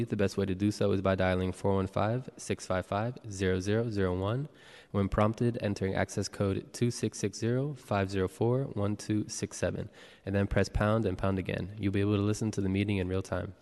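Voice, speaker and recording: A man serving as clerk, reading the roll and announcements briskly. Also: lowish voice, fairly even intonation, a little mellow. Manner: brisk and procedural. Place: city hall chamber. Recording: long reverb of a hall.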